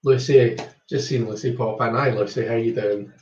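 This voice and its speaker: A man's voice: mid-range voice, steady tone, normal speed, a little mellow, slight background noise. Chatty Scottish man in a roomy echo. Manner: chatty, greets viewers one by one, rambles with many ums. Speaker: tarot reader hosting a live stream. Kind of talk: casual live-stream chat. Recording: roomy, slightly dull home stream audio.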